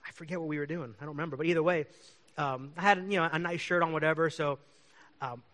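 A man's voice: on the high side, fast, pushed and bright. A man who is a pastor, telling stories in a chatty, rambling way and laughing often. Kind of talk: casual storytelling.

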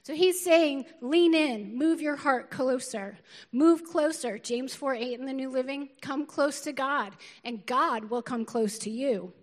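A middle-aged woman pastor preaching a lively, feisty sermon and laughing often, recorded in a church auditorium. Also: sits high, measured pace. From northern United States. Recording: long reverb of a large hall.

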